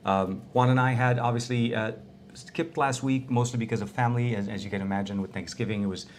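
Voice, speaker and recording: A man co-hosting a casual tech podcast from a small cozy room, chatty and quick to laugh. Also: mid-range voice, fairly even intonation, slight background noise. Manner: chatty, laughs often, many restarts. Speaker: podcast co-host.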